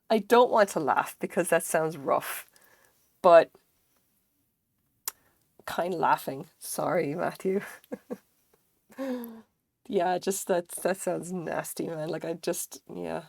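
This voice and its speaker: Woman streamer, low and creaky, dry close sound; chatty, rambling, casual cursing. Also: no room sound. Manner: rambling, swears freely, chatty. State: recovering from illness, sense of taste dulled. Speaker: craft streamer. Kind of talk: casual chat with live viewers.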